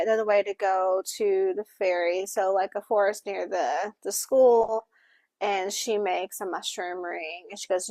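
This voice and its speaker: During an informal book chat, a co-host signs while speaking and voices for her signing partner, stopping and correcting herself as she goes. Her voice is a little high, and the recording is dry.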